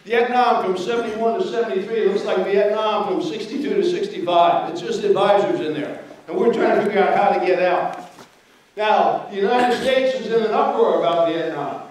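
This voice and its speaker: A man's voice: high-pitched, slight background noise. An older man giving a storytelling history lecture, conversational, often checking in with his audience. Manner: storytelling, conversational, asks okay. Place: lecture hall. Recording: very echoey hall from far off.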